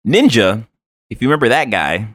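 A man's voice: medium pitch, sing-song, moderate pace, fairly bright tone, no echo. A man co-hosting a casual gaming news podcast, reading headlines and then joking about them in a laid-back way. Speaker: podcast co-host.

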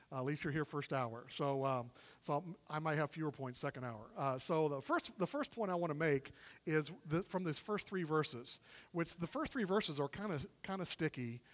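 A male guest preacher gives a sermon in a conversational, animated way and acts out the quoted dialogue as he retells it. His voice sits a little higher than most men's. The sound trails off in the long reverb of a church hall. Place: church service in a warm room.

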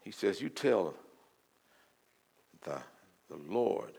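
An older man preaching a sermon as a guest, telling folksy stories and building from quiet talk to loud declarations. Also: sing-song, brisk, creaky, pauses often. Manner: folksy, swells from low murmur to loud preaching. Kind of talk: sermon with storytelling.

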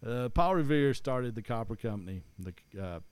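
A man's voice: mid-range voice, animated, moderate pace, darkish tone, clear, resonant tone, no echo. A man, chatting casually and rambling with many restarts. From East Tennessee. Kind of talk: casual chat.

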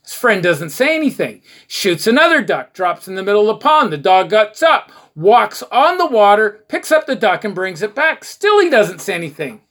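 A man's voice: sits high, very animated, moderate pace, hardly any pauses, fairly bright tone. A man speaking at a recovery meeting, giving an earnest, preachy talk on the twelve steps, full of rhetorical questions and short anecdotes.

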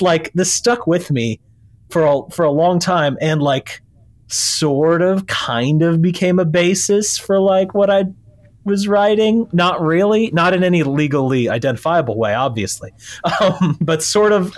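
Brief: man in his thirties, podcast guest, slightly higher voice, loose rambling storytelling. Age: 30s. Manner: rambling storyteller with many fillers. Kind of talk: casual chat.

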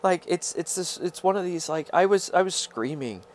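A man hosting his own podcast, talking through a halting, confessional monologue full of fillers and restarts. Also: high voice, expressive, slight background noise. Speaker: podcast host. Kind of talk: rambling personal monologue.

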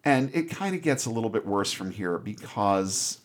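Guy with a lowish voice retelling a film plot, chatty, swears a lot. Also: moderate pace. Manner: animated storyteller, swears freely. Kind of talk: casual movie recap.

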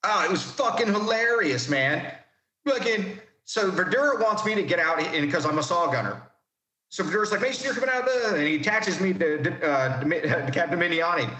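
A man casually telling war stories in a profane, animated way, acting out what people said. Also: fairly high pitch, moderate pace, echoey room, poor audio. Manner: profane, animated, acts out quotes loudly. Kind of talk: casual storytelling.

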